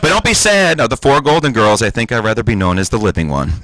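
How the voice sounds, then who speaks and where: On stage in front of a live crowd, a comedian in his 40s runs through a stand-up set, mocking himself with punchy timing. He talks fast and very animatedly in a mid-range, slightly bright voice.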